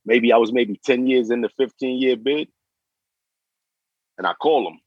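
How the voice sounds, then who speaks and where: A man's voice: medium pitch, measured pace, long pauses, slightly rough, dry recording, lo-fi sound. A man in his forties telling his story as an interview guest, in profane street slang, often repeating himself. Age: 40s.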